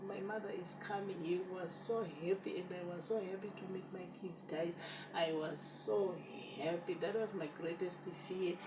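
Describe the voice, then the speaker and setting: A woman's voice: on the low side, fairly even intonation, unhurried. Woman, storytime vlogger, emotional; far-off echoey sound with noise behind. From Zimbabwe. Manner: emotional, repetitive, addresses viewers as "guys". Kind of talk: storytime narration. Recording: distant roomy recording with background noise.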